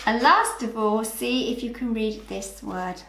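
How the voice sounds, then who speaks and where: A woman's voice: on the high side, measured pace, vocal fry, fairly bright tone, echoey room. A woman with a British accent teaching children phonics, patient and encouraging, sounding out letters one by one. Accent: British English. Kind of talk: slow, clear early-years phonics lesson.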